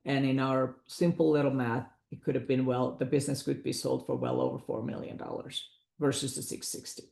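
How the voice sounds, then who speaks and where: A woman's voice: extremely low pitch, steady tone, fairly quick, vocal fry, a little mellow, roomy sound. A woman presenting a business valuation webinar, explaining figures in a conversational way with asides to her audience.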